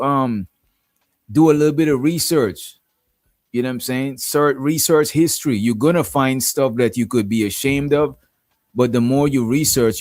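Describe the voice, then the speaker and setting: A man's voice: medium pitch, dry recording. Man, Guyanese accent, livestream host, rambling casual talk, dry close sound. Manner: rambling, peppers talk with "you know what I'm saying".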